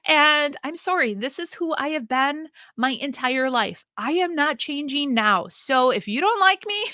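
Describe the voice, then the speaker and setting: Midwestern woman podcast host, Wisconsin accent, sing-songy chatty delivery, bright tone. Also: fairly high pitch, no echo, clean studio sound. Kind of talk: casual solo podcast monologue.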